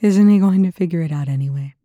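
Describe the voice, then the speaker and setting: A woman's voice: lowish voice, quick pace, dark tone, dry recording, lo-fi sound, voice pushed up, natural voice. A woman voicing a stern, tired female medic who speaks firmly and matter-of-factly. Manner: firm, matter-of-fact.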